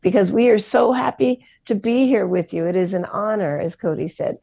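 A woman's voice: mid-range voice, normal speed, creaky, mellow, husky. A woman hosting a community radio pledge drive, upbeat and encouraging as she thanks listeners and asks for donations in a radio studio. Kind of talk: community radio fundraising talk.

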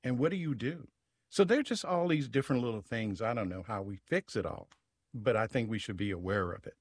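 A man's voice: medium pitch, fairly quick, breathy edge, dry recording, clean studio sound. A man who is a writer and journalist, talking conversationally as a guest on a radio talk show. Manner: conversational, with frequent "you know" fillers.

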